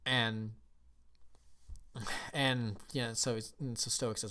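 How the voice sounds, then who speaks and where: An enthusiastic man retelling a film's story for his review channel, his voice sitting at a middle pitch. He talks casually and keeps restarting his sentences as he goes. Plain everyday delivery, like a fan talking through a favorite movie. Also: fairly even intonation, slow, sharp tone. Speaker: film reviewer.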